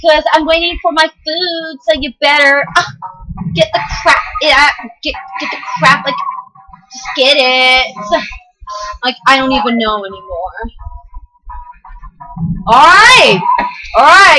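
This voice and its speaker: A woman's voice: high-pitched, pushed and bright, low-quality recording. A young female gamer rambling through let's play commentary with lots of fillers.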